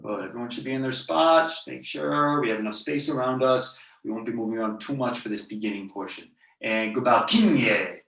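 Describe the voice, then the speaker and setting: A taekwondo instructor leading a belt test over a video call, barking counts and commands and letting out loud yells, recorded in a studio. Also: medium pitch, a little fast, creaky, few pauses. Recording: roomy echo, far from the mic.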